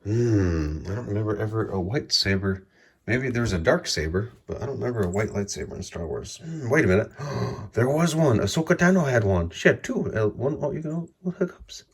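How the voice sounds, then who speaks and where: At home indoors, a pet owner films his cat at play and coos baby talk to it in a raised, sing-song voice. His natural voice is fairly low, husky and brisk, with lively intonation, and the talk is casual baby talk to a pet.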